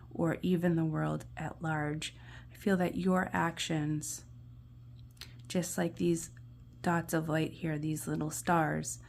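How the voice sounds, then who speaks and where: A woman giving a gentle, encouraging tarot reading, often dropping into soft whispers as she studies the cards. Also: low-pitched, gravelly, slight background noise. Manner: encouraging, pauses to study card imagery. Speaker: tarot reader. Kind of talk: pick-a-card tarot reading.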